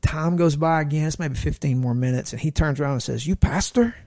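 A middle-aged pastor tells a story in a relaxed chat, slipping into the voices of the people he quotes. His voice has a gravelly rasp, and it is recorded dry and close to the mic. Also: on the high side, fast, dry recording.

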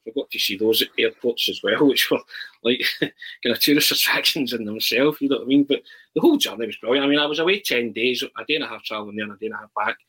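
Man, podcast guest, bright husky tone, animated storyteller who trips over his words. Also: mid-range voice, poor audio. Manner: animated, halting anecdote-telling with many restarts. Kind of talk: casual storytelling.

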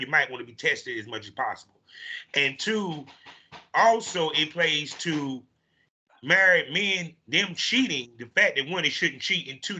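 A man's voice: a little high, sharp tone, a little hiss or hum. A man in a casual chat, blunt and laying out his argument point by point.

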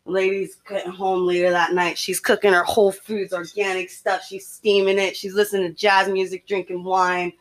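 A woman's voice: mid-range voice, normal speed, hardly any pauses. Young woman telling a gory story. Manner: graphic, animated horror storytelling with lots of "like" and "you know". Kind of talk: casual storytelling among friends.

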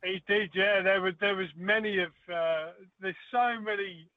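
A man's voice: high-pitched, steady tone, normal speed, dry recording. A man, a former darts player, telling stories as a guest on a phone-in radio interview, with many fillers and restarts. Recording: tinny phone line, dry.

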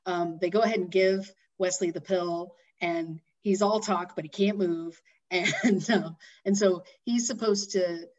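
A woman co-hosting a casual podcast, retelling a film's story in a chatty, animated way. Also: lowish voice, measured pace, hardly any pauses, highs cut off. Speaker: podcast co-host. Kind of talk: casual movie recap chat.

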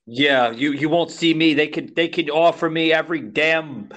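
A man's voice: fairly high pitch, normal speed, fairly bright tone. Emphatic podcast host, man. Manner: emphatic, repetitive, addresses listeners as folks. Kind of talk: casual talk show discussion.

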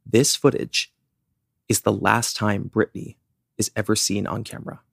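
A young man with a fairly low voice walks a listener through a true-crime case in an easy, chatty way. He keeps dropping "like" as he goes. The sound is close and dry. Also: level tone, normal speed, vocal fry, fairly bright tone, slightly rough, dry recording. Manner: chatty, many "like" fillers. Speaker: podcast co-host. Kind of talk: casual true-crime storytelling.

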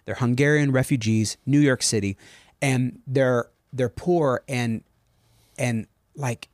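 Eagerly telling stories and wandering off on tangents, this male podcast co-host speaks at a slow pace in an everyday middle pitch. The conversation is casual, and the audio is close and dry, with no echo from the room.

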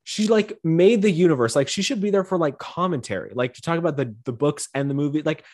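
A man's voice: fairly high pitch, fast talker, darkish tone. A young man hosting a casual gossip podcast, chatty and playful with lots of fillers. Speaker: podcast host. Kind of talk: casual entertainment gossip chat.

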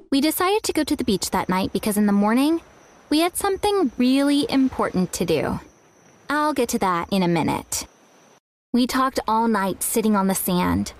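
A young woman with a slightly high voice tells a scripted first-person story. She reads in an earnest way and gives the quoted lines a little acting.

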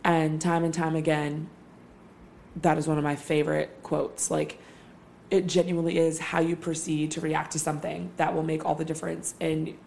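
Chatty young woman, slightly low voice. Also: flat delivery, normal speed, vocal fry, darkish tone, a little hiss or hum. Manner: chatty, swears freely, lots of "like" fillers. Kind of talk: casual solo talk.

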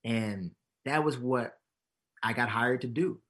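A man's voice: medium pitch, takes it slowly. A man being interviewed as an actor and comedian, telling stories with acted-out quotes and frequent laughs. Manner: animated, acts out quotes, laughs often. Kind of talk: casual interview storytelling.

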